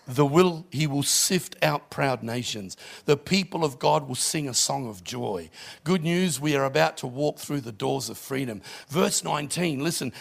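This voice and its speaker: Middle-aged male pastor, slightly high, gravelly voice, sermon with storytelling. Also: a bit bright. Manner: preaching with rising emphasis and storytelling.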